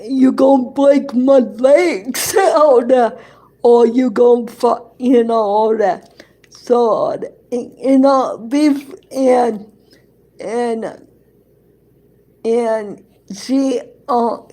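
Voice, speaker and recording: A woman telling a personal anecdote in casual chat, halting and repeating herself, with loose grammar and frequent laughter. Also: on the high side, dark tone. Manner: very slow, halting, repeats words and restarts often; non-standard grammar, dropped verbs and articles. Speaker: storyteller.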